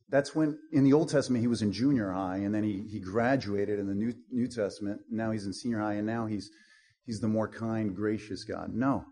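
A man's voice: lowish voice, a little fast, mellow, slight background noise. A male pastor preaching a sermon in a blunt, punchy way, with mocking asides.

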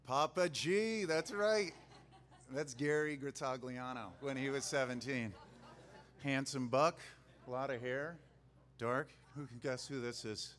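A man's voice: medium pitch, fairly even intonation, a little slow, a bit bright. A man preaching a sermon in a casual, joking way, retelling a Bible story. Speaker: pastor.

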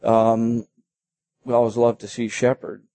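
A man preaching a sermon in an earnest, halting way, slowing down to read quoted passages. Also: medium pitch, level tone, dark tone, no room sound. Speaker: pastor.

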